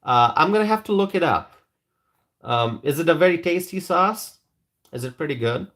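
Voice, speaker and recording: A man's voice: fairly high pitch, lively intonation, normal speed, fairly bright tone. A man hosting a live stream, chatting casually with viewers and reading their comments in a rambling, hesitant way. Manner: rambling, hesitant, with frequent restarts.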